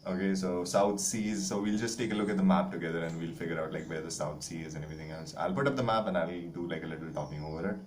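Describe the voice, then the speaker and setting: Man, very low voice, rambling casual lesson, filler words, faint background noise. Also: fairly even intonation, fast talker, hardly any pauses. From India. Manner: chatty, rambling, frequent "like" and "uh" fillers. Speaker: English teacher.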